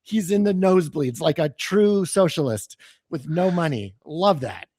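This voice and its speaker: A man with a fairly high voice co-hosting a political podcast. He talks in an excited, profane rush, piling up one riff after another in loose casual chat. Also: unhurried, noisy background. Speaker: podcast co-host.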